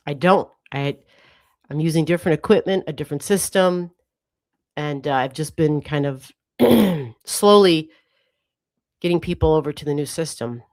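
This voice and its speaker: Chatty low-voiced woman astrologer livestreaming. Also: moderate pace, pauses often, darkish tone. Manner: rambling, self-correcting, chatty with viewers. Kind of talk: casual livestream chart reading.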